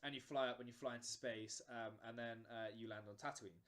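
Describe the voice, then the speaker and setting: A man's voice: mid-range voice, steady tone, a little fast, a bit bright. A man casually telling a long story on a podcast, with many fillers and restarts. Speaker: podcast host. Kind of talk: casual chat.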